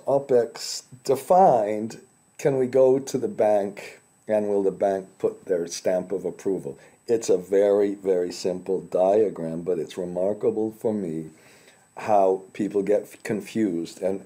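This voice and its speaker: A man giving an informal finance lecture, halting and often repeating words as he restarts his sentences. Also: fairly low pitch, warm tone.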